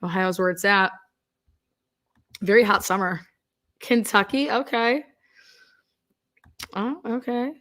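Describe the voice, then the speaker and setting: A young woman hosting a casual livestream, chatting and reacting quickly as she reads out where viewers are from. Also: medium pitch, a bit bright. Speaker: livestream host.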